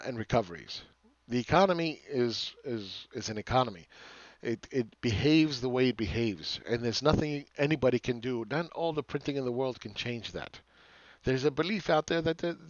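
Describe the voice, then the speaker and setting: A man's voice: mid-range voice, lively intonation, normal speed, no room sound, dull audio. Combative, profane male market commentator. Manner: repeats words and restarts phrases.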